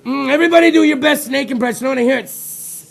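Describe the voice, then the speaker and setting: A man hosting a talk show, delivering a rowdy, profane comedic rant with loud outbursts. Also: extremely high pitch, rapid-fire, creaky.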